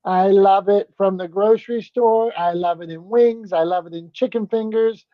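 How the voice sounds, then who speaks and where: A man's voice: high voice, no room sound. A man co-hosting a casual group chat, upbeat and playful, keeping things moving. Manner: upbeat, playful, quick to move on. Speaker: co-host. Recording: dry, slightly dull sound.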